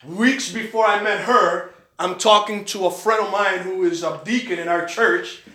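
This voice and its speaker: A man preaching a sermon, telling a personal story with animated delivery and acting out the other people's lines. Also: sits high, normal speed, roomy sound. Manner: animated storytelling, acts out quoted voices. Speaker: pastor. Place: church.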